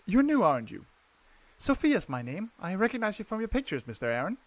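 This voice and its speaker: A man's voice: sits high, sing-song, fairly quick, dry recording, voice pushed up. A man voicing a polite young female housemaid in a game he is playing through, speaking deferentially.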